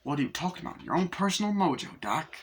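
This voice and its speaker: A man voicing a murderous, taunting male doll in a high, sneering voice. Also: expressive, fast, husky. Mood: menacing.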